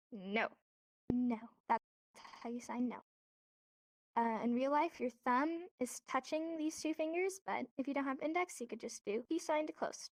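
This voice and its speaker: A woman teaches a sign language lesson in a virtual reality social space, walking through each hand motion step by step and patiently repeating every word. Her high voice comes through at studio quality with no echo.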